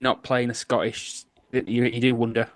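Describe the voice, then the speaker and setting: A man co-hosting a golf podcast, giving his picks in a dry, sarcastic, measured way. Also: medium pitch, flat delivery. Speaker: podcast co-host. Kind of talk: casual podcast chat.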